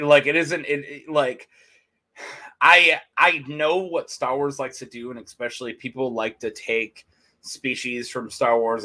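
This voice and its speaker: A man's voice: mid-range voice, sharp tone. A man co-hosting a fan podcast, chatting casually and rambling through his opinions. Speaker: podcast co-host.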